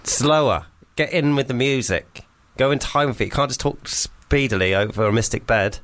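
A man's voice: medium pitch, fairly quick, fairly bright tone. A man co-hosting a comedy radio show, jokey and teasing. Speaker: radio co-host.

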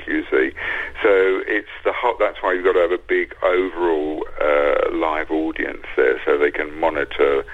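Male comic guest, rock-bottom gravelly voice, tinny phone sound, quickfire gag delivery. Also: low voice. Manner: rapid-fire one-liner joke delivery. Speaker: comedian guest. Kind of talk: radio interview over the phone.

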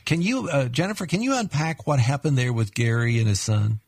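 A man hosting a radio interview show, measured and warm as he introduces guests and asks questions. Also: mid-range voice, breathy edge, no room sound.

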